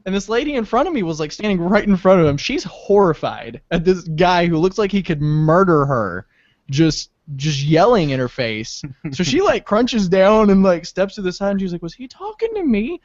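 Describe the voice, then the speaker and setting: A young man on a podcast co-hosting casual chat, telling animated stories and laughing a lot. He speaks at normal speed with lively intonation; no room sound is present, and the audio is dull and low-fi.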